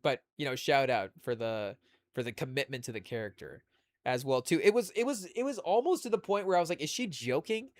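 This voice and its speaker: A man's voice: mid-range voice, expressive, a little fast. A man hosting a podcast in casual chat, rambling and leaning heavily on "you know" fillers. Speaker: podcast host.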